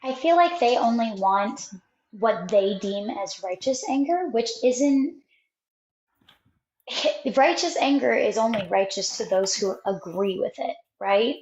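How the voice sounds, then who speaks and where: A woman chatting as a guest on a call-in show, measured and laughing easily. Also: on the high side, animated, a little mellow, slight background noise. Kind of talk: casual chat. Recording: dull, echoey call audio.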